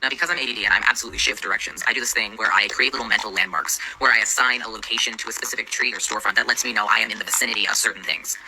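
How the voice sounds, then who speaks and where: A man's voice: fairly low pitch, racing, vocal fry, few pauses, noisy background. A young man narrating a personal story in a casual, sarcastic way, swearing freely.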